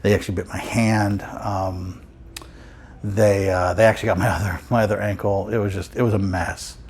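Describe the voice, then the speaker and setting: A man's voice: low-pitched, fairly even intonation, moderate pace, darkish tone, slightly rough. A man casually telling a long personal story at home, rambling and wry, often breaking off and restarting. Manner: rambling, self-interrupting, wry. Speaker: vinyl collector vlogger.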